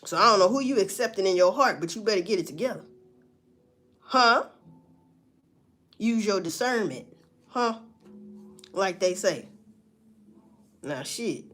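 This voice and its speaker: Sassy, animated woman ranting. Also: mid-range voice, a little slow, long pauses. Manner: sassy, profane, rhetorical questioning. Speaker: vlogger. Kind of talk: casual commentary monologue.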